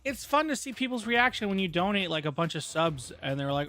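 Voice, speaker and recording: A man's voice: fairly high pitch, brisk, few pauses, a bit bright. Rambling, joking male streamer. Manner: rambling, joking asides to chat. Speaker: live streamer. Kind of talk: casual gaming stream chat.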